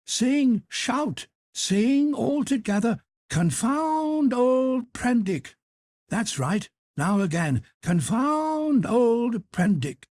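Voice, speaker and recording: A man acting out a drunken, reckless man in an audiobook, his voice pushed high and strained as he bellows orders. The delivery is slow and heavy, recorded close and dry. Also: big pitch swings, no echo, heavily acted. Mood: drunken shouting. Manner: slow, shouting, raised and strained.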